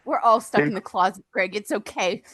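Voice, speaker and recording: A woman's voice: medium pitch, brisk, no echo. A woman guest on a livestream, telling a personal story in a sarcastic, passionate and self-mocking way. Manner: animated and self-mocking, laughs often. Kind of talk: casual storytelling chat.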